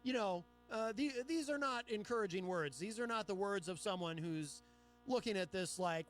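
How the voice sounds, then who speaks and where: A man's voice: high voice, lively intonation, moderate pace, a little hiss or hum. A man hosting a talk radio show, reading news aloud with chatty, sarcastic asides. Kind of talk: solo talk radio commentary.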